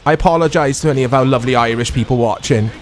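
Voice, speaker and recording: A middle-aged retro gaming YouTuber talks excitably and very fast in a medium-pitched voice while playing an old video game, rambling casually and laughing a lot.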